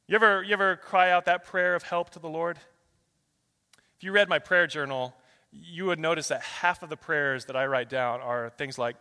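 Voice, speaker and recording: A male pastor preaching a sermon, his delivery swinging between loud rapid bursts and soft slow passages as he runs through a long string of scripture verses. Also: sits high, in a large hall. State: out of breath.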